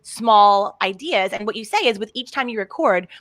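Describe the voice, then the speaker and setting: A woman hosting an interview, chatty and enthusiastic, quick to agree with her guest. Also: medium pitch, fairly bright tone, dry recording. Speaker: host. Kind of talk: interview on leadership. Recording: dry, close sound.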